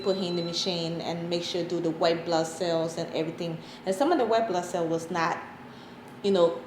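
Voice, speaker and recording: A woman in her thirties answering interview questions, hesitant, with many pauses and restarts. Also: fairly low pitch. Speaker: interviewee, mother of an autistic son. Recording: echoey room, faint background noise.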